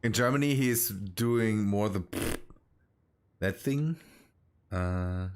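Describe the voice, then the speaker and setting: A man's voice: on the low side, smooth. A man streaming a building game, chatting casually with teammates and often restarting his sentences as he plays. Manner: halting, restarts phrases while busy. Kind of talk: casual gaming chat.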